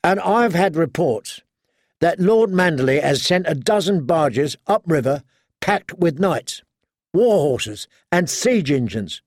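Guy reading as an angry young lord, high strained voice, gravelly edge, storybook. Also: lively intonation, takes it slowly, no echo, clean studio sound, full character voice. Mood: furious. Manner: strained, shouting protest. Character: angry young male lord, proud and desperate.

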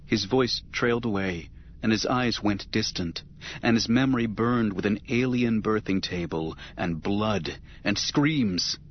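A man narrating an audiobook in a measured storytelling manner. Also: lowish voice, dull audio, slight background noise.

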